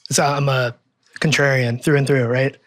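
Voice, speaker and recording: A man's voice: mid-range voice, flat delivery, normal speed. A man in his twenties, a guest in an in-person interview, chatty, easygoing and self-deprecating. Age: 20s. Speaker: interview guest, research analyst and columnist. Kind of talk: casual interview chat. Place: in-person recording at a table in a room.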